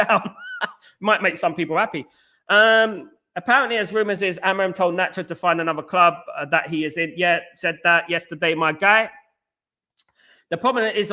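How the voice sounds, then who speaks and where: London-accented male streamer, casual and chatty, bright edge to the voice, reacts to viewer comments. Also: high voice. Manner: casual, says big up and mate a lot. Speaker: fan channel host. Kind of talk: live chat-reading fan stream.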